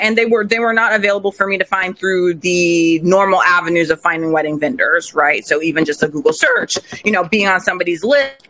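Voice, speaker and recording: Woman guest, bright voice, animated and expressive storyteller in a casual chat. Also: lowish voice. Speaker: podcast guest, recent bride. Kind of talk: casual interview conversation.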